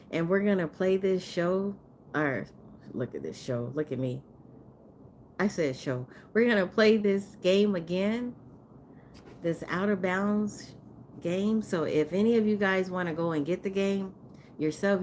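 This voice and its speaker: Woman host, casual livestream chat, slow and low, rambling with frequent laughs. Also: slight background noise. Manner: chatty, rambling, laughs often. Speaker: live streamer.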